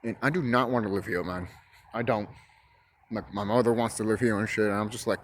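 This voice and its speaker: A young male vlogger rambles casually on a chilly hillside outdoors, swearing, restarting his sentences and shivering slightly from the cold. His voice sits fairly low with fairly even intonation and a slightly fast pace. The emphatic, profane delivery carries a faint hiss or hum.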